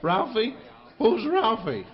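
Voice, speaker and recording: A man's voice: high voice, wildly swooping pitch, a little slow, creaky, voice pushed up, exaggerated voice. A man voicing a fussy, easily shocked male saber-toothed tiger with prissy exclamations. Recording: dull live album with crowd laughter.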